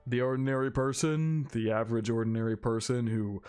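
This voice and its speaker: A man's voice: medium pitch, brisk, hardly any pauses, soft background music. A man hosting an anime reaction video, talking effusively and emotionally, swearing freely. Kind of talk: casual reaction commentary.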